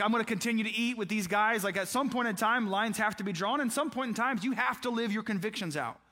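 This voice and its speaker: A man's voice: high voice, bright, forceful tone. A man preaching a conversational sermon, asking his listeners questions and acting out short exchanges between people in the story. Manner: acts out voices of people in the story. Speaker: pastor.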